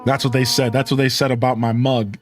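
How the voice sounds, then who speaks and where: A man's voice: mid-range voice, brisk, faint music behind. A man in his thirties from Ohio with an Ohio accent, chatting casually with viewers as a live streamer, rambling and correcting himself. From Ohio, USA. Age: 30s. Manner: rambling, self-correcting, animated.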